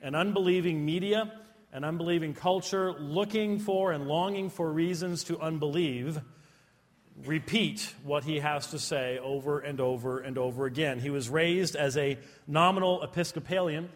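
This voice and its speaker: A man's voice: a little high, normal speed. A man giving a conference lecture to a live audience, with humorous, self-deprecating asides. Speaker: conference speaker. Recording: long hall reverb.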